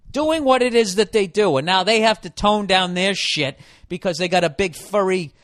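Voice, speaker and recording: A man hosting his own podcast, going off on a foul-mouthed comic rant, exasperated and swearing freely. His voice sits a bit high, and the sound is dry and close to the mic. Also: a bit bright, no echo. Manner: profane, ranting, exasperated. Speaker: podcast host. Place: hot room.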